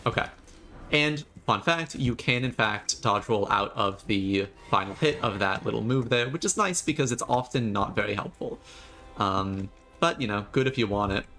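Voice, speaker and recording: A man streaming himself playing a video game, talking casually with rambling, sarcastic asides and animated bursts. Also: fairly low pitch, normal speed. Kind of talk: casual gameplay commentary.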